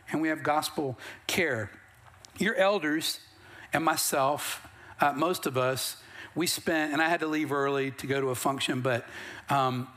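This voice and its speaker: A man's voice: mid-range voice, a bit bright. A middle-aged man preaching a sermon as pastor, moving between plain, conversational storytelling and rising bursts of emphasis. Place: church sanctuary.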